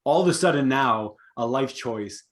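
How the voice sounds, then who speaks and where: A man's voice: medium pitch, expressive, normal speed. A man co-hosting a casual political chat, talking emphatically with many restarts and asides. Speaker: podcast co-host.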